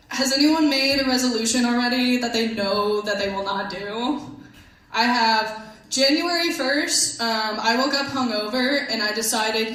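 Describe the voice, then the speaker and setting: Woman doing stand-up in an echoey club. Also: a little high. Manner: deadpan, self-deprecating, chatty with the crowd. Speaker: stand-up comedian. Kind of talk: stand-up comedy set. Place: comedy club stage. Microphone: handheld stage mic. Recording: echoey club room, faint hum.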